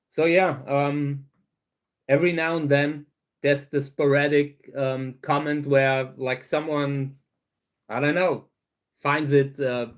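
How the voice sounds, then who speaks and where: A middle-aged man from Germany's Saarland with a thick German accent, talking casually to his viewers with many fillers and restarts. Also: mid-range voice. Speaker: cactus grower and channel host. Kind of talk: casual talk to camera.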